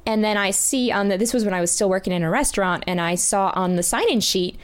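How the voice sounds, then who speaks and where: A woman in a casual chat, telling an awkward story in an animated way, acting out what people said. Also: mid-range voice, fast talker. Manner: animated storyteller, acts out quotes, laughs often.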